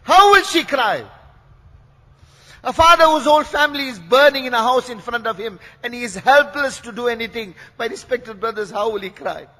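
A man preaching an impassioned sermon to a large gathering, swinging from hushed pleading to shouts and rattling off verses at speed. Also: very high-pitched, big-room sound. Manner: emotional, rising to shouts, recites Arabic verses rapidly.

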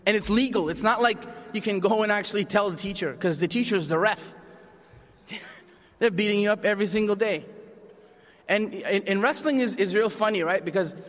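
A man's voice: sits high, normal speed, a bit bright. A man from Canada doing stand-up storytelling and laughing at his own punchlines, recorded in a reverberant hall. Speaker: stand-up comedian.

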